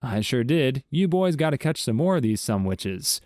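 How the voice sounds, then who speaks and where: A man's voice: mid-range voice, sing-song, moderate pace, a little mellow, dry recording, natural voice. Folksy nun lady, guy reads her, blunt, dry sound. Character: folksy scolding old nun.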